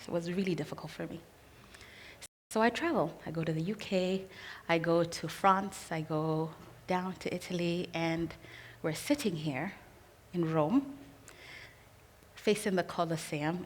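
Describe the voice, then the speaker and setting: A woman telling a personal family story in an earnest, expressive way, with pauses. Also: fairly low pitch, a little hiss or hum.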